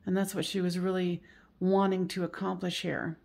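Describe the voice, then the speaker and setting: A woman acting as a medium works through a solo reading, halting, repeating herself, and coaxing soothingly. Her lowish voice is creaky, a little mellow, and flatly delivered.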